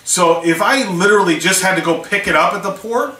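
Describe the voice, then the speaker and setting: The vlogger, who runs a small online shop, is casually spinning a story and taking on both roles in the conversations he describes. His voice sits high and comes across pushed and bright, at a slightly fast pace. The sound is echoey, with a distant mic and light hiss.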